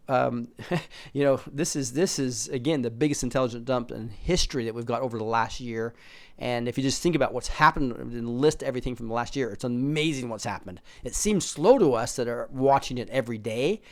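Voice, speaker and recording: A man hosting casual political commentary, reading posts aloud, laughing often and putting on mocking voices. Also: medium pitch.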